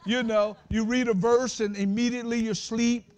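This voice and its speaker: A man preaching a sermon as pastor, talking straight to his congregation with humor and breaking into shouts at the high points. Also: flat delivery, normal speed. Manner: conversational, addresses the congregation directly.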